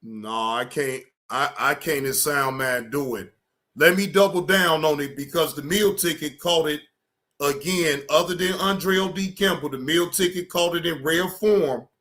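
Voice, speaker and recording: A man's voice: on the high side, unhurried, a bit bright. A man on a stream, delivering a blunt, repetitive warning rant. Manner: blunt, warning, repeats himself.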